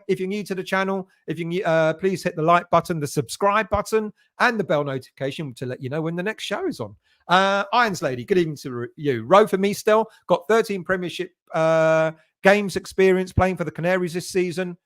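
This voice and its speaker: A man's voice: fairly high pitch, fairly bright tone, no echo, clean studio sound. A man hosting a fan live stream, chatting casually and greeting viewers by name between fillers. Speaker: fan channel host. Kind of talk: live stream chat reading viewer comments.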